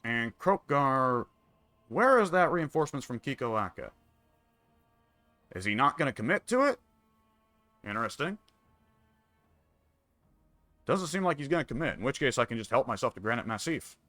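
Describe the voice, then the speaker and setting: Wry, bright-voiced man musing over a game. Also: mid-range voice, big pitch swings, normal speed, pauses often, no room sound, faint music behind. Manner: musing, wry, mutters to himself. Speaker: gameplay commentator. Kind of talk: casual strategy game commentary.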